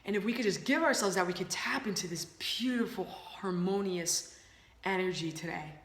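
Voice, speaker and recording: A woman's voice: medium pitch, normal speed, a little hiss or hum. A woman co-hosting a casual spiritual chat, bubbly and giggly, with many fillers. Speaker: spiritual coach co-host. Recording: roomy echoey room.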